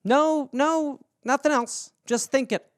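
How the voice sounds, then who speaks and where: A man's voice: extremely high pitch, slow pace, no echo, studio quality. A man hosting a comedy podcast, riffing in a profane, incredulous monologue. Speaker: podcast host.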